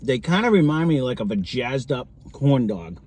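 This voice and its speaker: A man's voice: mid-range voice, big pitch swings, moderate pace, a little mellow, slightly rough. A man co-hosting a casual food review, chatty and incredulous, sometimes talking with his mouth full, recorded at a convenience store. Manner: chatty and incredulous, talks while eating. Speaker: guest co-reviewer.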